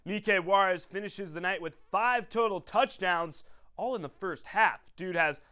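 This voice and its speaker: A man hosting a local sports show, calling highlights in a playful, hyped, slangy way. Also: unhurried, pushed and bright, smooth. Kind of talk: energetic sports highlight commentary.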